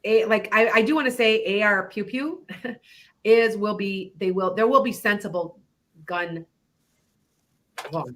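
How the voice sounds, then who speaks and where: A woman's voice: mid-range voice, measured pace, long pauses. A middle-aged woman hosting an internet radio show, chatting loosely about her psychic predictions, rambling and laughing often. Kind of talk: casual chat about predictions.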